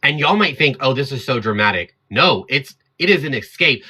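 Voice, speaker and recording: A man on his own livestream, ranting at his chat with a bright, forceful voice. He sounds fired up and defiant, standing his ground and talking straight to the viewers. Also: mid-range voice, lively intonation, moderate pace, hardly any pauses, husky. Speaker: livestream host. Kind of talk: heated livestream rant to chat.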